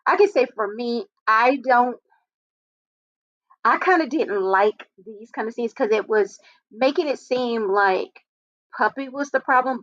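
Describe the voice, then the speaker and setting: A woman's voice: fairly high pitch, fairly bright tone, no echo. Blunt woman host retelling TV scenes. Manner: opinionated, blunt asides while retelling scenes. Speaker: host of a reality TV recap show. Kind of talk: casual recap chat. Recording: dull, lo-fi audio.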